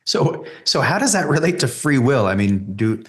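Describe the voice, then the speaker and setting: A man hosting a podcast interview, asking curious, hesitant questions with pauses and fillers. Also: mid-range voice, very animated. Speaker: podcast host. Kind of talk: conversational interview.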